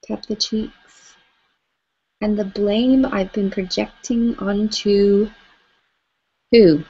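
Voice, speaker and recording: A woman leading a live tapping session, gently coaching listeners through phrases for them to repeat. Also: mid-range voice, steady tone, drawn-out words, husky. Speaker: EFT tapping facilitator. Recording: slightly dull lo-fi audio.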